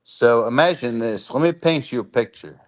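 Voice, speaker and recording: A man's voice: mid-range voice, normal speed. A man calling in as a guest on a casual sports talk show, bantering playfully. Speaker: call-in guest.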